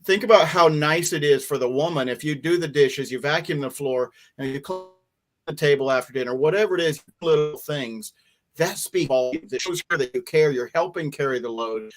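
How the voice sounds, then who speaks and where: A man on a panel offers blunt, practical advice in a fairly high voice. He speaks plainly and directly to the audience. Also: normal speed. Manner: frank, advice-giving. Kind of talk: casual panel discussion.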